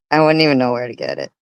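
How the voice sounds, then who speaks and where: A woman's voice: extremely low pitch, creaky, clean tone, no echo, poor audio. A woman hosting a livestream, talking in a profane, mocking and disgusted way. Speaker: livestream host. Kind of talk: casual livestream commentary.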